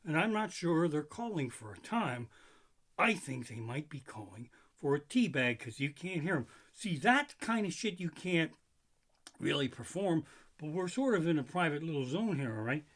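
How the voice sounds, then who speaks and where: Guy doing a sweary standup rant, kinda high voice, mocks people he quotes. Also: big pitch swings, normal speed, fairly bright tone. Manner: profane, ranting, mocking quoted voices. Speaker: stand-up comedian. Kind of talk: stand-up comedy routine.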